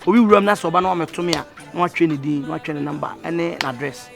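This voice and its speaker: A man's voice: a little high, fast, vocal fry. An actor playing a bossy Ghanaian man who barks orders at his staff, in a film with music behind. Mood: stern. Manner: shouting commands. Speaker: boss giving orders to staff.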